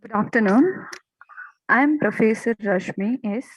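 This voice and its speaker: A woman's voice: a little high, measured pace, noisy background. A woman, a professor delivering a formal vote of thanks and reciting a list of names.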